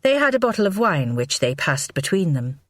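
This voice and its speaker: A woman narrating a crime novel audiobook in a measured, expressive read on a close mic. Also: lowish voice, dry recording.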